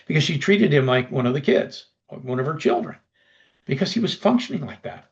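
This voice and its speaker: Gravelly man giving a persuasive pitch. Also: big pitch swings, brisk, muffled recording. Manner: persuasive, addresses listeners directly. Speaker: presenter. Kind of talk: webinar pitch.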